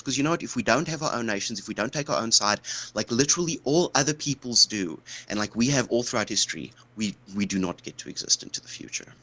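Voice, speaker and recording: An emotional man arguing hard in a debate, his voice bright and forceful. He rambles in long runs, stumbling over fillers and restarting his sentences as he pushes his point. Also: mid-range voice, animated, fast talker. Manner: impassioned, rambling, heavy with fillers. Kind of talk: heated debate.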